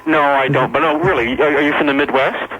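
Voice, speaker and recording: A man from North Carolina calls in to a radio show, his voice a touch high for a man. He is friendly and chatty and laughs easily. His voice comes through a muffled AM broadcast. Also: level tone, quick pace, bright, forceful tone, slight background noise. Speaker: caller. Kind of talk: casual call-in chat.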